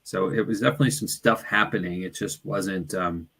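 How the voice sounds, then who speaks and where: A man's voice: sits low, fairly even intonation, fairly quick, vocal fry, a bit bright, husky. A man who investigates the paranormal, recounting his night in a hesitant, casual way with frequent restarts. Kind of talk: casual podcast chat.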